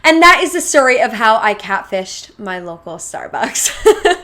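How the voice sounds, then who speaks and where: A woman's voice: a little high, a little slow. Chatty young woman telling a story. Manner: chatty, fillers of "like", animated retelling. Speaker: vlogger. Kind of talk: casual storytime. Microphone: seated to camera.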